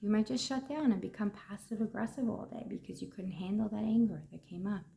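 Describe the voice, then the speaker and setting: Gravelly, mellow-voiced woman coaching gently. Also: mid-range voice, fairly quick, slight background noise. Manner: gentle, asks rhetorical questions, sometimes drops to a whisper. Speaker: emotions coach. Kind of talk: reflective coaching talk.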